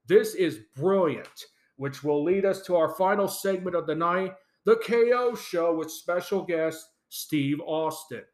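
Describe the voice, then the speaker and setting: Excited man hosting a podcast in an echoey room. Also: sits high, a little slow. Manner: enthusiastic, opinionated, laughs often. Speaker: podcast host. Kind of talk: solo fan podcast commentary.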